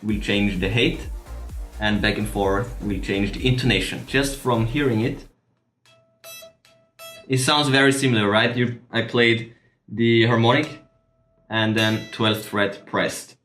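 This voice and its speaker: A man giving a relaxed, chatty guitar setup tutorial at home. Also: on the low side, a little slow, pauses often, roomy sound. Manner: relaxed, chatty, laughs at himself. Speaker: guitar vlogger. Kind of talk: casual tutorial.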